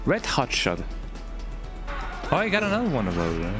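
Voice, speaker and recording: Male streamer, lively voice, casual "eh?" tags, game music underneath. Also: medium pitch, normal speed. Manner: tags nearly every line with "eh?", chuckles often. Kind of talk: casual gameplay commentary. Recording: game music playing behind.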